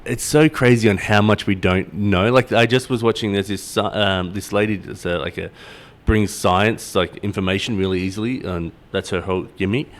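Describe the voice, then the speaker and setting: A man's voice: on the low side, fairly even intonation, moderate pace, hardly any pauses. A man with an Australian accent, hosting a casual podcast chat, laughing often and swearing freely. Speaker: podcast host.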